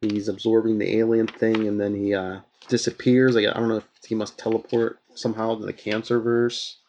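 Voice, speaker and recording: A man's voice: fairly low pitch, flat delivery, fairly quick, a little mellow, a little hiss or hum. A man hosting a podcast, casually retelling a comic book plot with lots of fillers and rambling asides. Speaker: podcast host.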